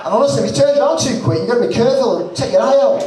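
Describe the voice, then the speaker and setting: A man's voice: extremely high pitch, expressive, racing, warm tone, slight background noise. A man with a Lancashire accent doing stand-up, with blunt, sweary, self-mocking banter. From Lancashire, northwest England. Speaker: stand-up comedian. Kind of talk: stand-up set. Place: small comedy club. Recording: roomy club recording from far off, crowd audible. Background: audience laughter.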